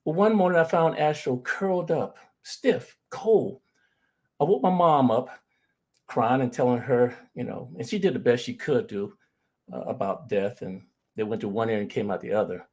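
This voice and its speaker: A middle-aged man with a husky voice gives an earnest talk on grief. He speaks straight to his audience and weaves in personal stories. His pitch sits in a plain middle range. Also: normal speed, darkish tone. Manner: earnest storytelling, addresses audience directly. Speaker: grief recovery specialist.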